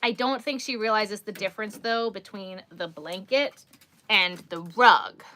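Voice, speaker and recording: A young woman from New York, chatting casually with her live viewers, sassy and quick to laugh, talking to her dog in between. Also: mid-range voice, bright, forceful tone. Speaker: livestream host.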